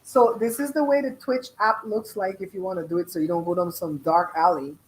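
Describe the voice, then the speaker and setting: A middle-aged woman from Belize with a Belizean accent hosts a casual live stream, talking straight to viewers in the chat in a chatty, blunt way. Her voice is fairly low and a little fast, and the audio is poor.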